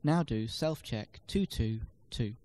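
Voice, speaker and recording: A man with a medium-pitched, animated, slightly mellow voice walks through a scripted language lesson. His delivery is measured and explanatory as he demonstrates stress on words in example sentences.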